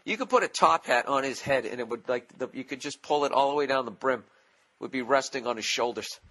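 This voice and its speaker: A man's voice: medium pitch, a little fast, a bit bright. A man hosting his own podcast, talking alone in a casual, profane, sarcastic rant. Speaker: podcast host. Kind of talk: casual solo podcast monologue.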